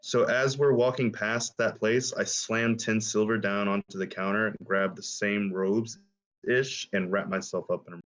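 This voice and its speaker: A man's voice: on the low side, fairly even intonation, a little slow, fairly bright tone, low-quality recording. A man playing a tabletop game, describing his character's moves in a casual, laid-back way. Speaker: player.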